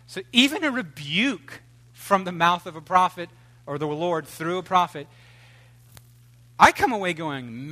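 A man preaching a sermon with a high, bright voice. He talks in an animated, humorous way, swinging between loud outbursts and quiet, hushed asides. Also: measured pace, pauses often. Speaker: pastor.

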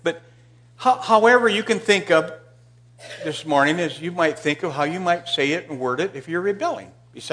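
A male pastor preaching a sermon in a church, telling a Bible story and swinging from loud emphasis to hushed asides. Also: on the high side, expressive, fairly quick.

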